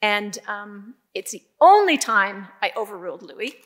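An older woman giving a keynote speech, telling stories in a lively way with emphatic, repeated phrases. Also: medium pitch, measured pace. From Canada. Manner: lively storytelling, emphatic repetition. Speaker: keynote speaker.

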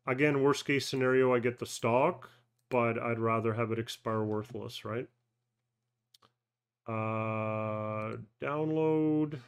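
Slow, clear-voiced man thinking aloud. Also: mid-range voice, steady tone. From Canada. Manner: thinking aloud, halting, many fillers and self-corrections. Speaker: personal finance channel host. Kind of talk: casual live screen-share walkthrough.

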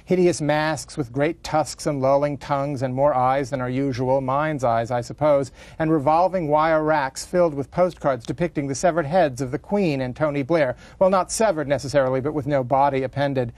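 A man's voice: medium pitch, moderate pace, few pauses, darkish tone, dry recording, natural voice. A man reading aloud as a chatty middle-aged British housewife, in his own voice, in ornate run-on sentences that keep breaking off to apologize. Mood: wry rambling. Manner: ornate run-on monologue with self-interruptions.

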